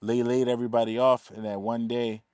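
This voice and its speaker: A man's voice: medium pitch, brisk, smooth, no room sound. Guy telling stories in an interview, mid voice, dry close sound, acts out what people said. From East Baltimore, USA. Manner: animated, acts out quoted voices, laughs often. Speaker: film producer, guest. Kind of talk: casual interview storytelling.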